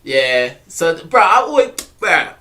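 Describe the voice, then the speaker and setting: A man's voice: fairly high pitch, very animated, takes it slowly, a crowd in the background. A young man from England with an English accent, telling a boastful story in casual slang and laughing often. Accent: English, London slang. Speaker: storyteller host.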